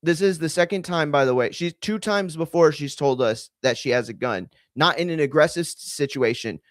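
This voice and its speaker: A man hosting a podcast, telling a long story in a casual, profane, animated and digressive way. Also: fairly high pitch, normal speed, no echo. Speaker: podcast host.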